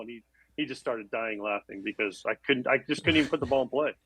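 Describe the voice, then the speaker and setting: A man's voice: medium pitch, a bit bright, breathy edge, no room sound, rough recording. A man in his forties, a former baseball catcher, chatting as a guest and telling stories about himself. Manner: fast, chatty, self-deprecating storyteller. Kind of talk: casual chat.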